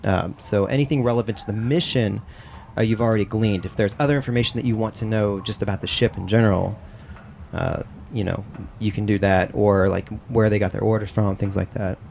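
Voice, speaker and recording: A man running a tabletop game as game master, explaining in a relaxed way with plenty of fillers. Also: lowish voice, a little fast, vocal fry, a little hiss or hum.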